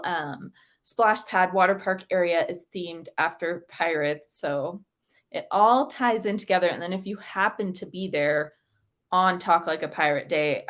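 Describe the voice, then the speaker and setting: A woman co-hosts a podcast in a relaxed, chatty way. She sounds playful and upbeat, slipping jokes into her talk. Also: lowish voice. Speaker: podcast co-host. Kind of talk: casual podcast chat.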